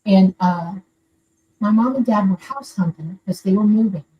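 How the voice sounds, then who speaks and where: Calling in from Florida, an older woman relates a personal story at a moderate pace, earnest and wandering in casual storytelling. Her mid-range voice comes through with lo-fi sound from a distant mic, faint noise in the background.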